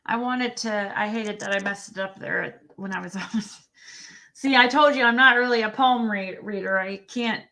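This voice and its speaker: A woman's voice: medium pitch, moderate pace, pushed and bright. A woman hosting a casual livestream, talking in a chatty, self-deprecating way with frequent restarts and trailing phrases. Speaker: livestream host.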